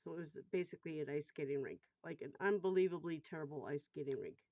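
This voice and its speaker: With a low voice and a quick pace, a middle-aged woman who works at a bar retells a personal experience on a casual vlog. She speaks bluntly, swears a lot, and gets loud and fired up; the recording is dry.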